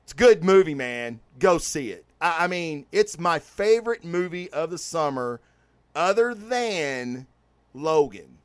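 A man hosting a casual podcast, reviewing a movie and comics in an excited, profane, rambling way with many restarts. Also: fairly high pitch, unhurried, smooth, no echo. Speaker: podcast host.

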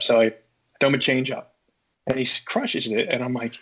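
A man from Philadelphia, a former baseball pitcher, telling a story in a casual chat and acting out his own reactions. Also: flat delivery, normal speed, long pauses, a bit bright. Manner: acts out his own past reactions, many restarts. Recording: dull lo-fi podcast audio.

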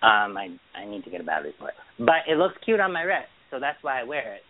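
A man's voice: medium pitch, very animated, quick pace. A man co-hosting a casual chat show, giving blunt, grumbling opinions. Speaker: podcast co-host. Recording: tinny phone-line sound.

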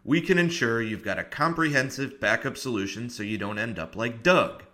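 A man's voice: medium pitch, normal speed, pushed and bright. A man hosting a comedy show, reading a mock advertisement in a polished salesman delivery. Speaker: host.

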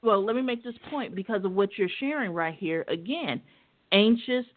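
A man hosting a casual discussion, making slow, emphatic points padded with "you know". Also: high-pitched, expressive. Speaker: host. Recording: tinny phone line.

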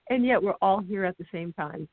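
A woman's voice: mid-range voice, moderate pace, no room sound. A woman co-hosting a casual talk radio show, chatty and bubbly, laughing often. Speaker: co-host. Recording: dry tinny phone line.

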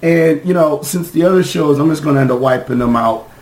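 A man hosting a sports podcast, hoarse from screaming, ranting in a fired-up, profane way with many fillers. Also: a little high, a little fast, darkish tone, reverberant, rough recording. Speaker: podcast host.

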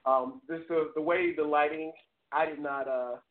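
A man's voice: on the high side, fairly even intonation, normal speed. A man hosting a live call-in talk show, speaking earnestly, stammering and laughing at himself. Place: home studio. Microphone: webcam streamed live. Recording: tinny phone-like audio.

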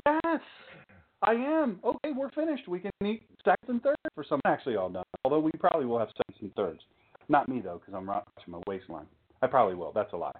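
A man preaching in a loose, chatty way, tossing out rhetorical questions and little jokes. His voice sits fairly high and swings up and down a lot. The sound is thin and tinny, like a phone line. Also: big pitch swings, quick pace. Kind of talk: informal sermon talk.

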